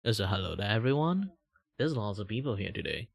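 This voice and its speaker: A man's voice: lowish voice, very animated, a little fast, vocal fry, no room sound, clean studio sound. A young man from Malaysia hosting a casual livestream chat, talking in a rambling, filler-heavy way, laughing often and playfully teasing his viewers. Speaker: livestream host.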